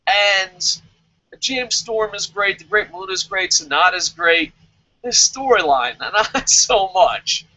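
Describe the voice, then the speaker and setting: A man casually reviewing a wrestling show, sarcastic and animated, swearing freely. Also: high voice, slow pace, low-quality recording. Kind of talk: casual profane review rant.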